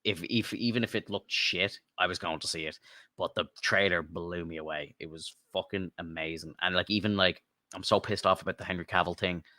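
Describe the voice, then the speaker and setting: A man co-hosting a podcast, chatting casually and excitedly, swearing and rambling like a fan. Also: low voice, a little fast, dry recording, studio quality. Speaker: podcast co-host. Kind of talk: casual chat.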